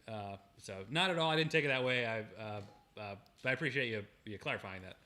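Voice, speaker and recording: A man's voice: medium pitch, fast, bright, forceful tone. A young man hosting a casual livestream, gratefully reading viewer messages aloud with frequent restarts. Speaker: livestream host.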